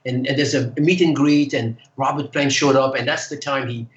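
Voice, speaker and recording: A man, a guest singer, telling animated stories in casual chat and acting out the voices of people he quotes. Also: mid-range voice, a little fast, echoey room, muffled recording, slight background noise. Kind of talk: casual storytelling.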